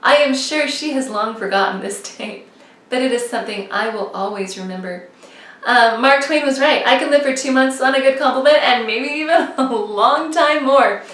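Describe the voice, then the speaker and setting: High animated woman in an echoey room. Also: moderate pace, distant mic. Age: 30s. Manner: animated, full of "like" and "you know". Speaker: motivational vlogger. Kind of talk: casual storytelling.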